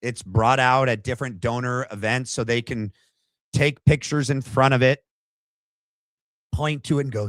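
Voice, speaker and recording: A man's voice: mid-range voice, fairly even intonation, moderate pace, long pauses, dry recording. A man hosting a podcast, reacting to a clip in casual commentary, mocking and sarcastic, slangy and full of fillers. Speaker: podcast host.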